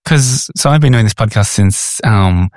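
A man's voice: lowish voice, animated, unhurried, a little mellow, dry recording, studio quality. An Australian man hosting a casual podcast interview, chatty, with hesitant starts and lots of fillers. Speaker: podcast host.

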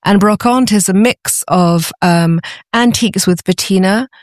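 A woman's voice: medium pitch, measured pace, no echo, clean studio sound. A British woman speaking as a guest in a casual podcast interview, often repeating words as she starts a thought. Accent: British English. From Britain. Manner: warm, repeats words when starting sentences. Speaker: guest, antiques business owner.

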